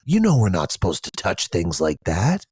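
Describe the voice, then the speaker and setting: A man voicing little cartoon mouse siblings from a children's TV skit, in a high squeaky put-on voice. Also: wildly swooping pitch, normal speed, a little mellow, husky, dry recording, studio quality, exaggerated voice.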